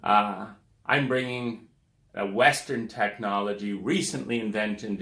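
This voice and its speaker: A man lectures in a loose, rambling way, his low voice rough with gravel. He leans on "you know" and trails off mid-thought. The room around him is echoey. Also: a little slow, a bit bright. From United States. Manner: rambling, filler-heavy, trails off with "da, da, da". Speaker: speaker on relationships.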